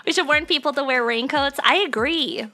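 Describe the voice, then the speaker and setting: A young woman streaming live, chatting casually with her chat, bubbly and prone to sudden excited squeals. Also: high voice, moderate pace, soft background music. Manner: bubbly, reads and answers chat, jumps to squeals.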